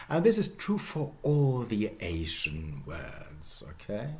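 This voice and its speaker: A man's voice: medium pitch, wildly swooping pitch, normal speed, hardly any pauses. A middle-aged man giving a university lecture, repeating example words over and over and checking in with "yeah?" and "okay?".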